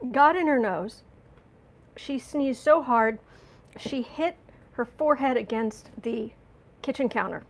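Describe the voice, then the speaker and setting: A chatty American woman with a slightly high voice hosts a casual live stream. She rambles and restarts her sentences, clearing her throat again and again because her nose is running and her eyes are watering. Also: rough recording. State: runny nose and watery eyes after a coughing fit. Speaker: astrology and tarot channel host.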